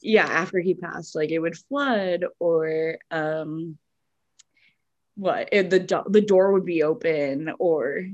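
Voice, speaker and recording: A woman's voice: low-pitched, slow pace, a little mellow, dry recording, lo-fi sound. A woman co-hosting a podcast in a casual chat, reading out a listener's story with lots of giggles, "like" and "um". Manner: giggly, filler-heavy, lots of "like" and "um". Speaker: podcast co-host.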